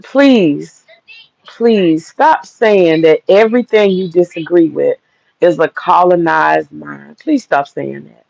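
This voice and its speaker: A woman hosting a live stream, ranting bluntly and with lots of swearing while lying down, her voice sounding deep. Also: slow, creaky, a little mellow, no echo, muffled recording. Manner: blunt, profane, rambling. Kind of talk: casual live-stream rant. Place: lying down at home.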